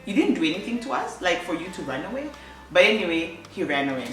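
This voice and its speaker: A woman's voice: on the low side, very animated, quick pace, recorded from a distance. A young woman telling a personal story on her vlog, chatty, with lots of fillers and self-corrections. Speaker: vlogger. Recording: echoey room, voice off-mic, faint music.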